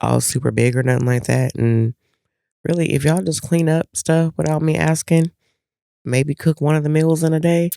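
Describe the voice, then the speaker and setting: Gravelly-voiced woman co-hosting a chat. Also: low voice, normal speed. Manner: animated storytelling, acting out family members' lines. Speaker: co-host. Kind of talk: casual chat.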